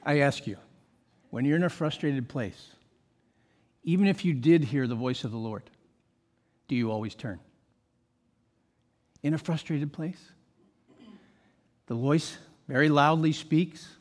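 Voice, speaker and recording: A man with a high voice preaching a sermon from the pulpit. He is an emphatic pastor who keeps asking the congregation rhetorical questions. He slips easily into casual asides. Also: unhurried, long pauses.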